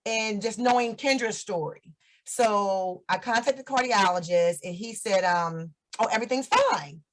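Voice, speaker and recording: A woman's voice: medium pitch, a little slow, low-quality recording. Chatty woman in her fifties, laughing. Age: 50s. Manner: chatty, laughs often, animated storyteller. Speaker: guest. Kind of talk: interview storytelling.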